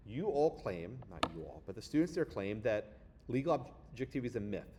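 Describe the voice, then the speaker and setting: A man's voice: fairly low pitch, brisk, slight background noise. A man giving a lecture, telling a story with sarcasm and acting out the people he quotes. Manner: animated, sarcastic, acts out quoted voices. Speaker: guest lecturer. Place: lecture hall.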